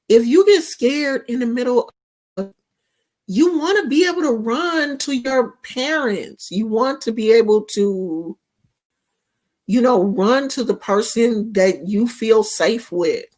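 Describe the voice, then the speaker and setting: A woman talks to her viewers at an unhurried pace. Her voice is fairly high and swings widely in pitch as she makes her points, with plenty of dialect and asides to the audience. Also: a little mellow. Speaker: vlogger. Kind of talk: casual chat to viewers.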